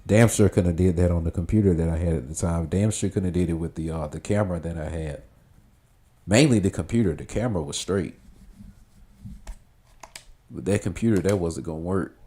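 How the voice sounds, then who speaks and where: A man's voice: sits low, fairly quick, pauses often, warm tone, breathy edge. A man streaming a video game, chatting in a rambling, casual way with lots of fillers and swearing. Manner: rambling, filler-heavy, laughs easily, swears. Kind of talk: casual gameplay commentary.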